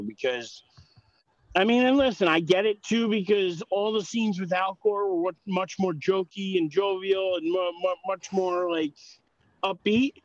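High-voiced man hedging, lo-fi sound. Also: dry recording. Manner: measured, hedging, lots of fillers. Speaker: podcast co-host. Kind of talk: casual chat. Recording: slightly dull lo-fi audio.

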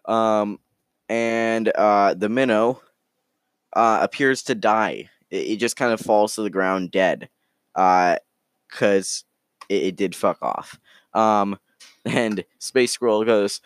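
A man hosting a podcast, chatting casually and telling an improvised story in a rambling, joking, halting way. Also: lowish voice, clean tone, dry recording, studio quality. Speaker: podcast host.

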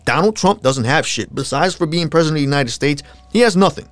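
A man hosting a solo podcast, ranting in a casual, profane, animated way and mocking people with put-on voices. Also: a little high, quick pace. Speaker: podcast host.

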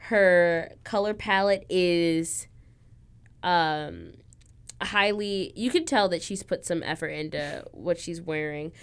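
Chatty woman host, low smooth voice. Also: slow pace. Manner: chatty, enthusiastic, laughs often. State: slightly husky from coffee. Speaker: podcast host. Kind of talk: casual chat.

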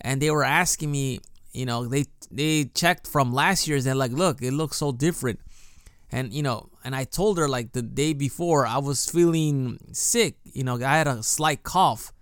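Chatty man with a smooth, dry voice. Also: medium pitch, normal speed, fairly bright tone, no room sound. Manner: chatty storytelling with frequent restarts and "you know". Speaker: podcast host. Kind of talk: casual solo podcast monologue. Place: lives in Japan.

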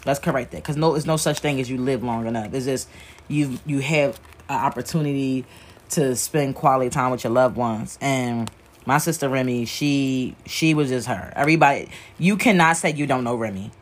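A woman's voice: extremely low pitch, moderate pace. Woman grieving, talking straight to camera while she sews, rambly and blunt, cusses a lot. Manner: frank, rambling, emotional, swears freely. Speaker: wig maker working while talking. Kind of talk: candid talk to camera while working.

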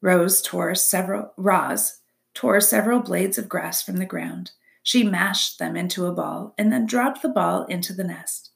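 A woman narrating a children's novel aloud with expressive storytelling. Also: lowish voice, measured pace, vocal fry.

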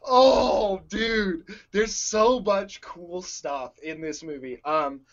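A man in casual conversation about a superhero movie, excitable and gushing, often laughing. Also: high-pitched, very slow, lo-fi sound. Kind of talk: casual movie review chat.

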